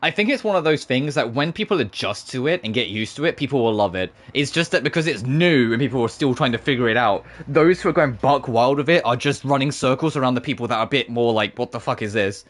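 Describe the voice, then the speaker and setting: A man's voice: mid-range voice, lively intonation, fast talker, few pauses. A man streaming a game and commenting casually, swearing freely and laughing as he rants about the game. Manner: profane, ranting, laughs often.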